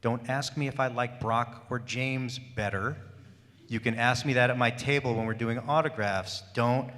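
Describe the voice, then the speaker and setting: A man talks to a crowd at a convention panel, emphatic and fond of rhetorical questions. His tone is bright and forceful. A long reverb trails his words through the large hall. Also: mid-range voice, fairly even intonation, moderate pace. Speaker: voice actor panelist.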